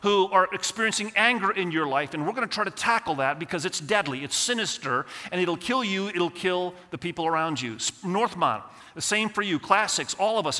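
A man preaching a sermon, reading scripture slowly and asking the congregation questions in a conversational way. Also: sits high, pushed and bright. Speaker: pastor. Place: church sanctuary. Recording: church hall with long reverb.

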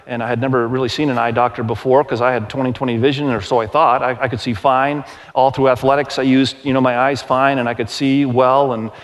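A man in his forties preaching a sermon to his congregation, telling stories in a conversational, animated way and asking the crowd questions. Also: medium pitch, brisk, hardly any pauses. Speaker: pastor. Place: large church auditorium. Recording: long hall reverb.

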